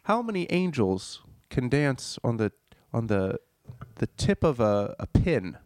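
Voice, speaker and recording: A man's voice: mid-range voice, very animated, measured pace, darkish tone, no room sound. Smug older man, corny joke teller, put on by a male storyteller, dry sound. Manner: pleased with his own jokes. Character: odd older man customer, smug riddler.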